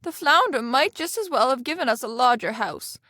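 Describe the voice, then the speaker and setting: A woman's voice: high voice, animated, normal speed, sharp tone, no room sound, clean studio sound, full character voice. A woman narrator voicing a greedy, demanding fisherman's wife in a storybook reading. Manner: bossy and insistent.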